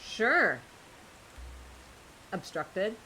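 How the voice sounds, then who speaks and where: A woman's voice: medium pitch, very animated, extremely slow, bright, forceful tone, a little hiss or hum, rough recording. A woman streamer chatting casually to her viewers while she plays a game, chatty and self-mocking, often laughing at herself.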